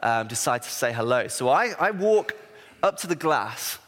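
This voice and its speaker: A man, an assistant pastor giving a sermon, telling a self-deprecating story in an animated way. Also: mid-range voice, normal speed. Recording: reverberant hall.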